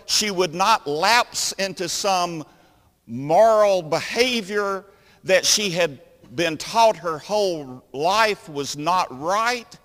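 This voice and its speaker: A man preaching a sermon, telling a story slowly with dramatic pauses between phrases. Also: high-pitched, fairly bright tone, in a large hall.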